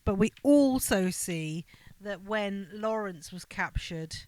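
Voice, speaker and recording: A woman co-hosts a podcast in relaxed conversation, often agreeing and adding plot details. Her voice sits at an average pitch for a woman. The recording is close and dry. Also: slow pace, dry recording, low-quality recording. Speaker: podcast co-host. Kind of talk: casual chat recapping a film.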